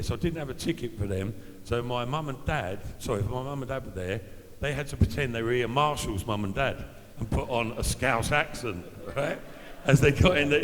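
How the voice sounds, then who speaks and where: A man's voice: mid-range voice, a bit bright, long reverb tail, a little hiss or hum, poor audio. A man in his fifties, a former footballer, telling chatty anecdotes at an evening event and acting out the voices of the people in them. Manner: chatty anecdotal storyteller, acts out quoted voices. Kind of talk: after-dinner storytelling.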